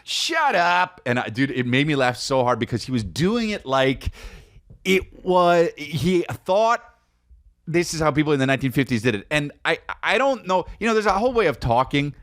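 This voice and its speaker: A man's voice: fairly high pitch, expressive, moderate pace, fairly bright tone, no echo, clean studio sound. A man in his forties hosting a podcast, rambling through a comedic monologue and slipping into silly voices. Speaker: podcast host.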